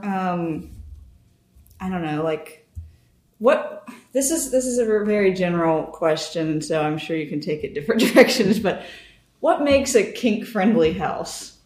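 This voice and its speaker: A woman interviewing a guest, asking relaxed, hesitant questions with plenty of fillers. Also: mid-range voice. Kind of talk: casual interview. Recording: roomy echo.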